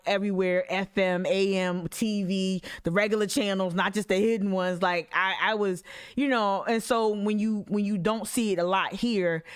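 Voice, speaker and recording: Emphatic commentator with a smooth, dry voice. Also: medium pitch, no echo. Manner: emphatic, with many restarts and asides. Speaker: activist commentator reacting to news. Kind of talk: casual live commentary.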